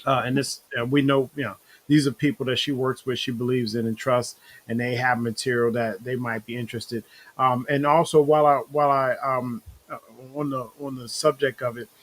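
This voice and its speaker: A man's voice: mid-range voice, little pitch movement, brisk, a bit bright. A man hosting an interview show, encouraging his guest and speaking in a rambling way full of fillers. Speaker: interview host. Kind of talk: casual interview talk.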